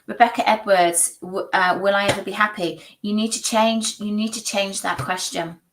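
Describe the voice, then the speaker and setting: A woman's voice: mid-range voice, distant mic, a little hiss or hum, rough recording. A British woman streaming psychic readings, chatty and emotional, often restarting her sentences. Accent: British English.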